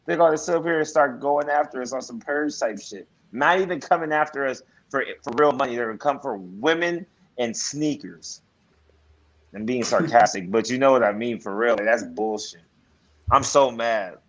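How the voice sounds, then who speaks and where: A man's voice: medium pitch, normal speed, lo-fi sound. A man co-hosting a casual talk show, ranting with heavy sarcasm and swearing. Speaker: podcast co-host. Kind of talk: casual chat.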